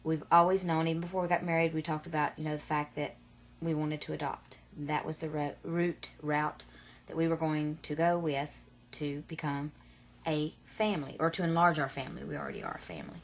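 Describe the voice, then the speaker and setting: A woman's voice: low voice, creaky. A woman, talking casually and at length to her camera in a rambling, long-winded way full of fillers and asides. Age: 30s. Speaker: vlogger. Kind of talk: casual vlog talk to camera.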